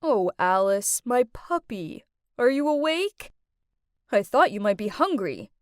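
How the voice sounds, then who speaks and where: A woman's voice: fairly high pitch, very animated, measured pace, no room sound, studio quality. Josh, a woman playing a creepy sweet-talking boyfriend. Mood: falsely gentle. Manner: soft, coaxing, sugary. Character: creepy young male boyfriend, falsely gentle. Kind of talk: animated storybook voice acting.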